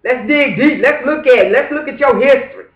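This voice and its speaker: A man's voice: extremely high pitch, a little fast, muffled recording. A man talking straight to camera in a casual, preachy vlog monologue, emphatic and fervent, with repeated rhetorical asides. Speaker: vlogger. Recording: roomy echo.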